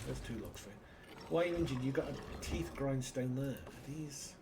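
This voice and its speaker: A man's voice: medium pitch, expressive, normal speed, background noise. A British man hosting a casual let's-play, rambling through an anecdote and muttering to himself as he plays. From Britain. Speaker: gaming channel host.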